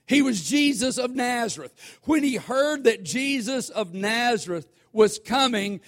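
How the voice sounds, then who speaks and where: High-voiced preacher, animated. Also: male voice. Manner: animated, asks the congregation questions, slows down to stress scripture. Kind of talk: sermon.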